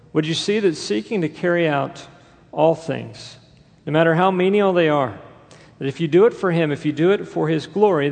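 A man preaching a sermon as pastor, emphatic and building to forceful bursts. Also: fairly high pitch, vocal fry, in a large hall.

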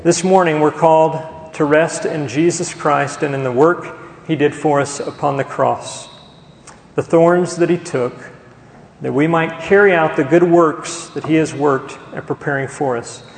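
A male pastor delivers a sermon in a church sanctuary, his voice slightly higher than most men's. He preaches emphatically and keeps asking the congregation questions. The hall gives his words a long, roomy echo. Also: steady tone, measured pace, creaky.

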